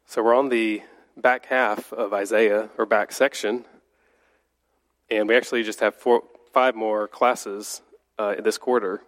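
A man with a low voice and a congested, slightly nasal sound leads a church Bible class while getting over a cold. He speaks in a relaxed, conversational way, full of ums and restarts as he walks through the lesson. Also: a little slow. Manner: conversational, with frequent fillers and restarts.

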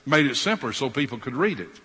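Pleading defensive older woman, as a preacher puts her on, husky, bright, long echo. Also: medium pitch, sing-song, a little fast, full character voice. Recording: long hall reverb.

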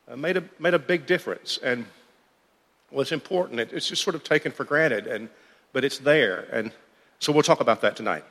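A man's voice: mid-range voice, bright, forceful tone. Man teaching a Bible class in a hall. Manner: conversational, thinking aloud with restarts. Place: church classroom.

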